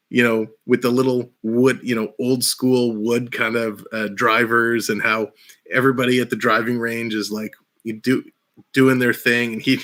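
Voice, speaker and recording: A man with a bright, clear-edged voice hosts a relaxed live stream, chatting with a rambling, excited flow and frequent laughter. He talks into a headset mic from a small room at home. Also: medium pitch. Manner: laughs often, rambling and enthusiastic. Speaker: livestream host. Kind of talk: casual live-stream chat.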